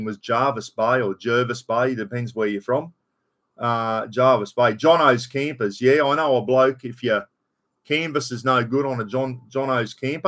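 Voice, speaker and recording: A man's voice: mid-range voice, fairly bright tone. An Australian man hosting a casual live stream, rambling in a matey way, greeting viewers by name and swearing bluntly. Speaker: livestream host.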